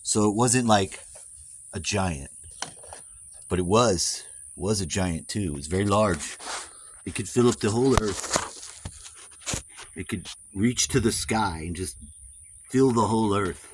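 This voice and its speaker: A man in an American accent telling a rambling story while walking outdoors, playful with crude asides and drawn-out dramatic phrasing. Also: lowish voice, background noise. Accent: American, put on.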